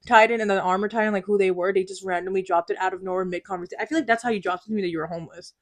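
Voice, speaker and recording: A young woman co-hosting a podcast in casual chat, animated and laughing often, breaking into high squeals when excited. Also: racing. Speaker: podcast co-host.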